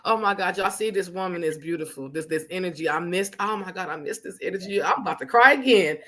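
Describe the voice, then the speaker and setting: A woman's voice: lowish voice, fast. A woman hosting an interview with casual, heartfelt, emotional talk. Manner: effusive, emotional, animated storytelling. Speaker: podcast host.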